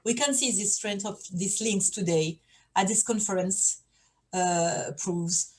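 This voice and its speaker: A woman with a French accent, a native French speaker, giving an academic conference presentation in English as a historian, halting and restarting as she searches for words. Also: medium pitch, darkish tone.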